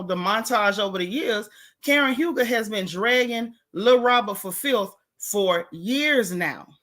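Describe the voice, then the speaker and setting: Host, middle-aged woman, sassy animated gossip talk, slightly high voice. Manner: sassy, animated, colloquial storytelling. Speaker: host of a live gossip stream. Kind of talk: casual gossip chat, greeting live chatters.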